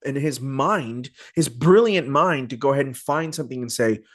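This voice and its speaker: A man hosting a podcast interview, telling stories in an animated, joking, slangy way. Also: medium pitch, normal speed, no room sound, clean studio sound. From Arizona. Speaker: podcast host. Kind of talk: casual interview chat.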